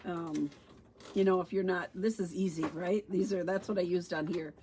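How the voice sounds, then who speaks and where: A woman's voice: on the low side, steady tone, normal speed, a little mellow, slight background noise. A middle-aged woman demonstrating paper crafts on a casual livestream, chatty and thinking aloud, with fillers and a touch of allergy sniffles. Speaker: stamping demonstrator.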